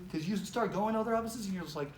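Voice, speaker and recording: A woman trainer talks to a live crowd in an echoing meeting room, with a faint hum of noise underneath. Her delivery is animated and loose. She fills it with "like" and slips into little acted-out quotes. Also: medium pitch, racing. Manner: animated, chatty, heavy use of "like", acts out quotes. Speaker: sales office trainer. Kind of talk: casual motivational training talk.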